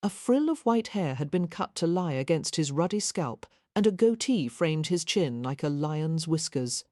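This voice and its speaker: A woman narrating a historical romance audiobook in a measured, even storytelling manner, close to the mic. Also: low-pitched, no room sound.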